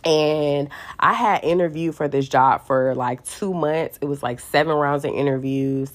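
A woman's voice: deep voice, unhurried. A young woman in casual faith talk, telling stories with sass and slang and acting out quoted voices. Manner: sassy, animated storytelling with slang and quoted voices.

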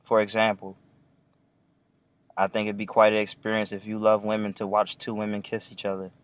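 A man giving a reflective, unhurried monologue about life outdoors among trees, with some casual swearing. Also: fairly low pitch, monotone. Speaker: vlogger. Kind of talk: philosophical monologue.

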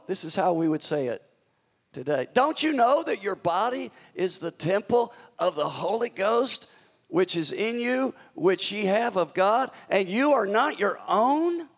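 Gravelly preacher in a reverberant hall. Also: male voice, a little high. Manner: preaching with dramatic emphasis on scripture, drawn-out phrases. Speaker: pastor. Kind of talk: sermon. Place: church sanctuary.

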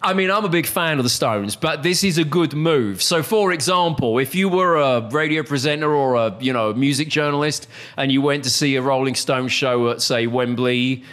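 A man's voice: medium pitch, normal speed, hardly any pauses, fairly bright tone. A British man co-hosting a casual chat, telling long rambling stories with many restarts. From Britain. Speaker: podcast co-host.

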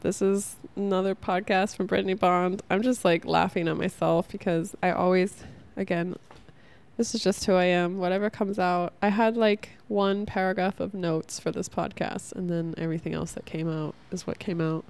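A woman's voice: on the low side, steady tone, normal speed, vocal fry, a little mellow. A young woman hosting a casual spiritual self-help podcast, rambling earnestly with lots of "like" and laughing at herself. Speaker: podcast host.

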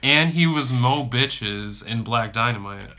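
A man's voice: medium pitch, unhurried, pushed and bright. A man co-hosting a horror movie podcast, talking casually, rattling off trivia and steering the conversation. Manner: trivia-heavy, steers the talk. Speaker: podcast co-host. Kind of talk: casual chat.

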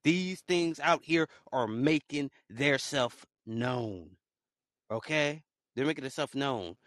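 A young man talking casually in a rambling solo monologue, swinging between low mutters and loud excited outbursts. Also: slow pace, no room sound, studio quality. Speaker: podcaster.

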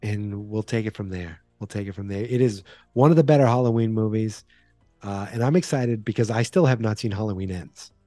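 A man's voice: lowish voice, brisk, mellow, no room sound, faint music behind. A man with a Boston accent hosting a solo podcast in a rambling, playful, self-deprecating way. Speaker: podcast host. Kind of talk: casual solo podcast chat.

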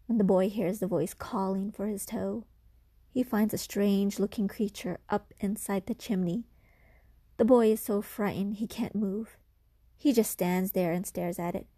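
A woman tells a spooky folk tale with slow, deliberate pacing and a husky, breathy voice. She reads dramatically and now and then sinks into a whisper. The sound is dry and close. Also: medium pitch, dark tone, no room sound. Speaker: storyteller.

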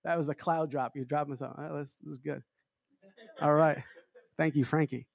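American evangelist man, high voice, dry close sound, jokey storyteller who acts out the quotes. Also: brisk, creaky, no echo. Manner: animated, jokey, acts out quotes with big pitch jumps. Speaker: evangelist preacher. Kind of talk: storytelling sermon. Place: church revival meeting.

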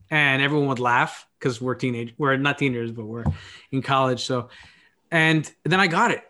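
A man's voice: mid-range voice, a bit bright. A man who runs his own podcast, a guest here, thinking aloud in a reflective, philosophical way. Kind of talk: reflective conversational talk.

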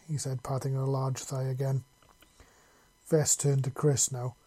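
A man reading fan fiction aloud in a casual, expressive way. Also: mid-range voice, moderate pace, slightly rough. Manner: casual, expressive, crude words. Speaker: reader.

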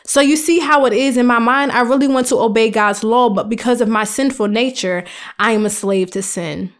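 Young woman, faith podcast host, slightly high voice, earnest, emphatic, conversational. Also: moderate pace.

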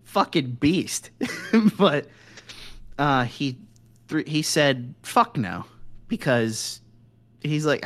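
A man's voice: on the high side, big pitch swings, very slow, long pauses. A man co-hosting a podcast in casual chat, telling long rambling stories full of swearing and "like". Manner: rambling, profane storytelling with frequent "like" and laughs. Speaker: podcast co-host.

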